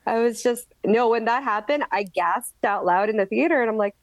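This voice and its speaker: A woman's voice: fairly high pitch, brisk, no echo. A woman co-hosting a podcast in casual chat, chatty and rambling with restarts. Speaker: podcast co-host.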